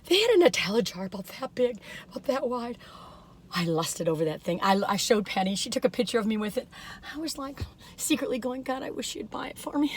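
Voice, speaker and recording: Animated and a little fast, the older woman speaks in a higher voice with a breathy edge. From inside her car she tastes cookies for her vlog, chatting casually in a giggly, gushing manner.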